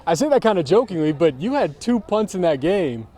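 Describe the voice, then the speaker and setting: A man's voice: high voice, big pitch swings, fairly quick, warm tone. A man, a TV sports reporter, interviewing a player outdoors at a school field with friendly, joking questions.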